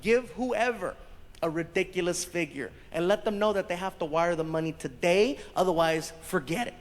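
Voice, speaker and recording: A man doing stand-up, telling a story with lively voices for the people in it and laughing as he goes. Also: high voice, normal speed. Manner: animated storyteller acting out others' voices, laughing. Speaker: stand-up comedian. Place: live comedy stage. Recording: live show played back in a hall, audience noise.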